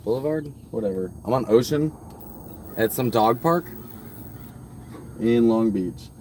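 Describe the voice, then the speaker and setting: A man's voice: mid-range voice, lively intonation, unhurried, dark tone, slight background noise. A man chatting loosely on a casual outdoor live stream, rambling and swearing freely. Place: outdoors by his truck at a park.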